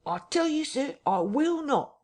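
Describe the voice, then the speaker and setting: A man's voice: extremely high pitch, sing-song, unhurried, a little mellow, pitched above the performer's own voice, heavily acted. A flustered village vicar, put on by a male audiobook reader, his voice pushed well above the reader's own and thinned into an odd, unfamiliar timbre. He protests in jerky, strained bursts, audiobook storytelling style. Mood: agitated.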